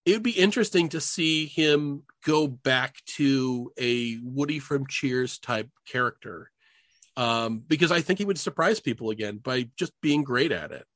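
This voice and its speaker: A man co-hosting a casual podcast chat, talking in an animated way and laughing often. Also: mid-range voice, unhurried, no room sound. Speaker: podcast co-host.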